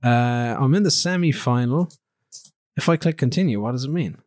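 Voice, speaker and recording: A mid-pitched man co-hosts a remote game podcast from home, rambling and teasing his co-host. His voice sounds dry and close, with little room around it. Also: normal speed, darkish tone, dry recording. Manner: rambling, teasing, easily laughing. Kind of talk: casual chat, teasing.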